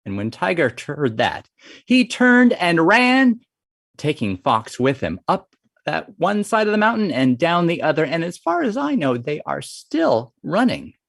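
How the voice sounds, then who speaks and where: Animated male storyteller. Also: a little high, a little slow, gravelly, no room sound, clean studio sound. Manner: animated, varied delivery. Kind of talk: oral storytelling of a folktale.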